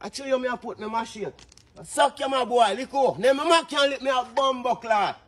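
A man with a Jamaican accent speaks in a very high, husky voice. He talks in forceful bursts of patois and keeps checking that he is understood. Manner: emphatic, rapid-fire, keeps demanding agreement. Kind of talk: heated street talk in patois.

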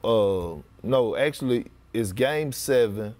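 A former basketball player telling a story in relaxed, chuckling talk. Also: male voice, medium pitch, slow, very noisy. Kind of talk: casual storytelling.

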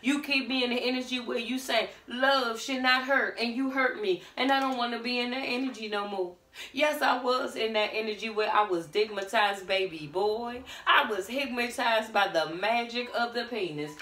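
A woman tarot reader gives a casual reading, sassy and blunt, calling the listener pet names like honey and baby girl. Her voice is fairly high and fairly bright at a normal speed. She's far from the mic, off-mic in a room with a roomy echo.

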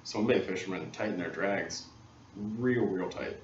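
Low-voiced man telling a story in a roomy workshop. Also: measured pace. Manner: animated storyteller, acts out others' lines. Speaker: guest angler. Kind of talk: casual storytelling. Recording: roomy, dull, distant mic, faint hiss.

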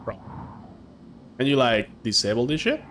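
A young man streaming a game live, chatting excitedly with his viewers and reacting as he plays. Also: mid-range voice, normal speed, noisy background. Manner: excitable, chatty, talks to chat. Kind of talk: casual live game commentary.

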